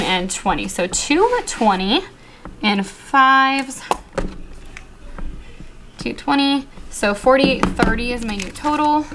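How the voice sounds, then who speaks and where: A young woman vlogging casually about her savings, counting bills aloud in a quick murmur and chatting in a flustered, excited way. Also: a little high, noisy background. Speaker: budgeting vlogger.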